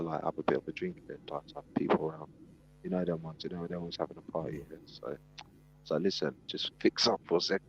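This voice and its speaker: Deep gravelly storyteller man. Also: a little hiss or hum. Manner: animated storyteller, acts out quotes. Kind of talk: casual storytelling. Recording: dull lo-fi sound.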